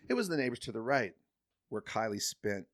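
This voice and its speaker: A man telling a personal story as a guest on a podcast, animated, jumping from loud emphasis to hushed asides. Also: on the low side, brisk. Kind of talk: casual storytelling.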